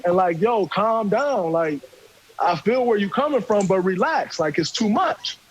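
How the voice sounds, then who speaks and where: A man, casually telling a profane, animated story and acting out what people said. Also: high-pitched, normal speed, slightly rough, lo-fi sound. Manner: animated, profane, acts out quotes. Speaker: podcast guest storyteller.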